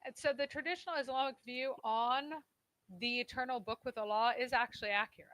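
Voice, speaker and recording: Female guest, slightly high voice, bright and articulate, explains with a dry wit, dry close mic. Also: fairly even intonation, fairly quick, no room sound, rough recording. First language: English. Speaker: guest co-host. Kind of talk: live-stream discussion.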